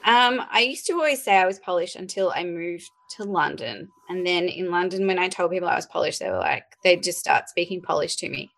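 Aussie woman guest, lowish voice, chill chatty, lots of ums. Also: a little fast, creaky, few pauses. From Australia. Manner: relaxed, many fillers, storytelling. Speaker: podcast guest. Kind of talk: casual chat.

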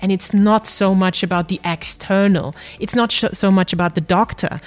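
A woman's voice: medium pitch, fairly even intonation, normal speed. Encouraging woman podcast host. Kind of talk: conversational podcast.

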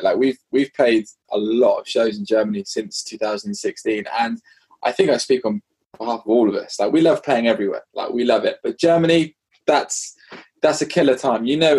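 A man, a pop punk musician guest, telling tour stories in an animated, swearing, casual way. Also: mid-range voice, breathy edge, rough recording. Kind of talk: casual interview chat.

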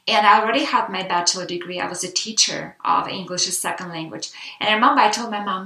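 Animated Russian-accented woman telling her story. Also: medium pitch, fast, gravelly, few pauses, roomy sound, low-quality recording. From Soviet Union. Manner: animated storyteller, acts out quotes. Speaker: guest. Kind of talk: casual interview chat.

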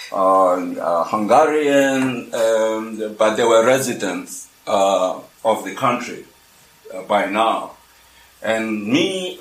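An older man from South Africa telling a personal story in a halting way, full of restarts and fillers. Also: medium pitch. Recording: echoey room.

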